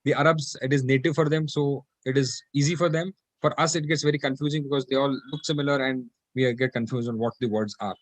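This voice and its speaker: A man's voice: mid-range voice, steady tone, fast, few pauses, no room sound, rough recording. Patient male teacher drilling phrases. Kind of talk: online Quranic Arabic class. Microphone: video call.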